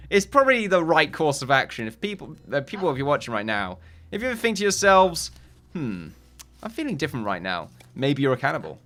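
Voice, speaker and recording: A man's voice: on the high side, sharp tone. A man hosting a let's play, rambling and joking at his own expense in casual commentary. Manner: rambling, self-mocking, jokey. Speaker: gaming channel host.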